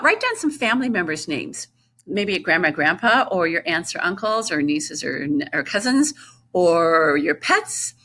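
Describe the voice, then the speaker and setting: Sing-song, lively woman music teacher. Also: medium pitch. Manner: slow, patient, sing-song rhythm chanting. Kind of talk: distance-learning lesson for young children.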